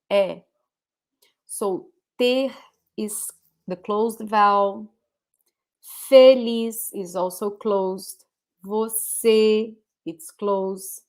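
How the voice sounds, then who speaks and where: A woman's voice: medium pitch, darkish tone. A woman with a Brazilian accent, a Portuguese speaker, teaching a live online pronunciation lesson, repeating words patiently for her students. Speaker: language teacher.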